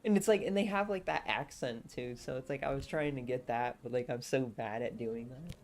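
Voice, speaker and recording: A woman's voice: a bass voice, a little fast, a little mellow, a little hiss or hum. A woman streamer reading a novel aloud on a live stream and chatting between passages, giggly and self-deprecating.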